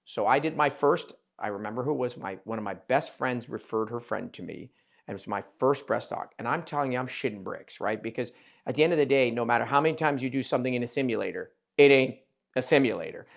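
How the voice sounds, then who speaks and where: A man's voice: mid-range voice, expressive, fast talker, gravelly. A man hosting a podcast as a plastic surgeon, telling patient stories candidly, with casual swearing and acted-out quotes. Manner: candid storyteller, swears, acts out quoted voices. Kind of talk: casual conversation.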